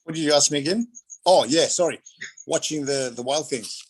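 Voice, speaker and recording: A man, telling stories in a casual interview, rambling and animated with lots of fillers. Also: a little high, moderate pace, slightly rough, poor audio. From Australia. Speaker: guest, retired wrestler.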